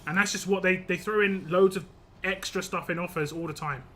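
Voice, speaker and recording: A man's voice: high voice, steady tone, brisk, bright, forceful tone, a little hiss or hum. A young man streaming a game live, chatting casually with viewers, rambling and laughing often.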